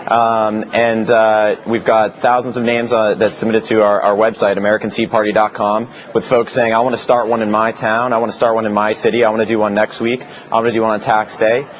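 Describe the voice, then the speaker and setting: A man giving a TV news interview as a protest organizer, earnest and halting, with many fillers. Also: lowish voice, flat delivery, muffled recording.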